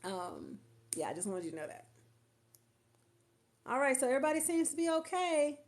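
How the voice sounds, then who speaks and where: Speaking at a moderate pace in a high, sing-song voice, this coach and marketer streams live from the couch in her home. She chats casually and affectionately with her viewers, rambling and frequently saying the same things again.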